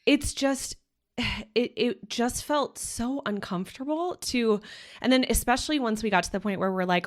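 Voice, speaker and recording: Softly affirming woman podcast host. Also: fairly high pitch, moderate pace. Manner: empathetic, frequent soft backchannel affirmations. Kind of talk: conversational interview.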